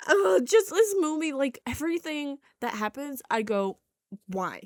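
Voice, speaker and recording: A woman's voice: high-pitched, sing-song, moderate pace, darkish tone, no room sound, studio quality. A young woman with a slight lisp recapping a movie casually, sarcastic and exasperated with mocking asides. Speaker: movie reviewer.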